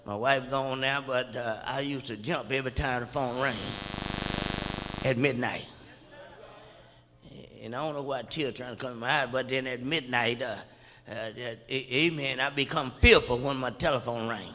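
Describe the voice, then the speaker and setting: A man preaching a sermon, stammering through repeated words and building from quiet talk up to loud shouts. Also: mid-range voice, steady tone, normal speed. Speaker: pastor. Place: church sanctuary. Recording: long reverb of a church hall.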